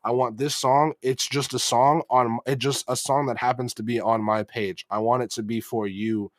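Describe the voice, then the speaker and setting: In a dry recording with no room sound, a young rapper from the United States responds to an interviewer at a medium pitch. He speaks flatly and haltingly, stumbling through fillers and starting sentences over.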